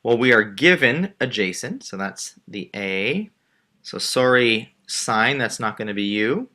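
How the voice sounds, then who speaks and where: A man's voice: medium pitch, lively intonation, unhurried, sharp tone. A male math teacher patiently walking through a word problem step by step while drawing a diagram. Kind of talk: screen-recorded math lesson.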